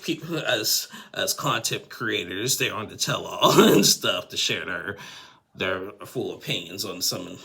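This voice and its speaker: Man, low gravelly voice, opinionated casual recap host, filler-heavy. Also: pushed and bright. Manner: chatty, opinionated, full of fillers. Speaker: reality TV recap creator.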